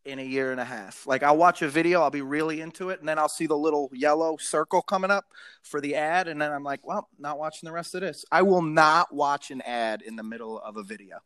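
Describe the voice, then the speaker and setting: A man's voice: on the high side, fairly quick, smooth, no room sound, clean studio sound. A young man, telling stories as a podcast guest, acting out voices and swearing freely. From New York. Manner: animated storyteller, acts out voices, swears. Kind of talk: casual chat.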